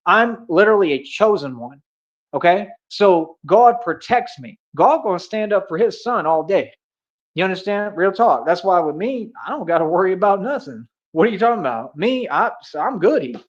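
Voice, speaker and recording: A man's voice: sits high, animated, normal speed, dull audio. A young American man streaming a casual rant. He is boastful and confrontational, and he talks in street slang. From United States.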